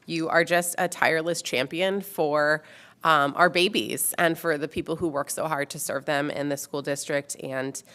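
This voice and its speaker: Low-voiced woman chairing a meeting. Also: steady tone, clean tone. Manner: warm, halting, many fillers. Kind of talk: formal public meeting. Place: board meeting room.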